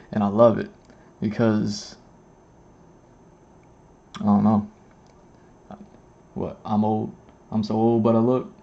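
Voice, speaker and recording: A middle-aged man hosts a livestream and chats loosely about music, circling back and repeating his words. His voice sits low and gravelly, with a mellow, dark tone. The stream audio is dull and lo-fi. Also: completely flat delivery, drawn-out words, pauses often. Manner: rambling, repeats words, laughs a lot. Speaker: livestream host. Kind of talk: casual music reaction chat.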